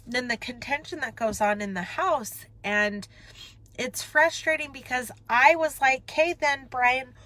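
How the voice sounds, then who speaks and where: A woman's voice: sits high, measured pace, sharp tone. A woman talking candidly and emotionally to her viewers from a parked car, rambling and breaking off mid-thought. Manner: emotional, rambling, self-interrupting. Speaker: vlogger. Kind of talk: candid confessional chat.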